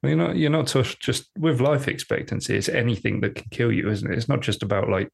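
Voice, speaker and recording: A man co-hosting a podcast in casual chat, rambling, repeating himself and quick to joke. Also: mid-range voice, expressive, creaky, breathy edge. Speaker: podcast co-host.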